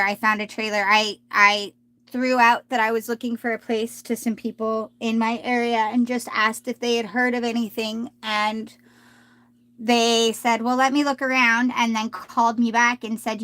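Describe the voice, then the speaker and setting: A woman doing a live tarot reading, talking gently and reassuringly, often restarting her sentences. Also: a little high, dry recording. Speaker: tarot reader.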